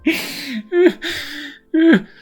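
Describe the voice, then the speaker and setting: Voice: sits high, lively intonation, drawn-out words, soft background music. A game streamer chatting casually with viewers, self-mocking and repeatedly breaking into helpless laughter. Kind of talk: casual live-stream chat.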